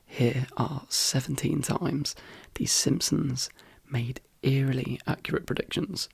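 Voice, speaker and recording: A man hosting a soft-spoken ASMR video in a croaky, hoarse half-whisper, rambling easily between fillers. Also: mid-range voice, fairly even intonation, measured pace, no room sound. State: hoarse, voice worn out. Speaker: ASMR channel host.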